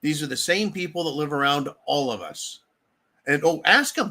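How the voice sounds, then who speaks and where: A man's voice: a little high, lively intonation, a little fast, pushed and bright. A man hosting a live stream, ranting heatedly with frequent swearing and calling his listeners folks. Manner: keeps addressing listeners as folks. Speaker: livestream host.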